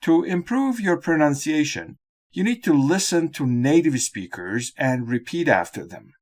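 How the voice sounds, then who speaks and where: A man delivers a scripted lesson narration in a measured, instructional manner. He speaks slowly, and his pitch moves a lot from phrase to phrase. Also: expressive, a little mellow. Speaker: exam-prep teacher.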